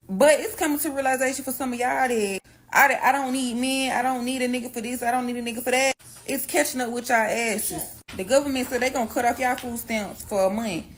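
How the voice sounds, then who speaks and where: Woman, social media rant, blunt and profane, high voice. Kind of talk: ranting video clip.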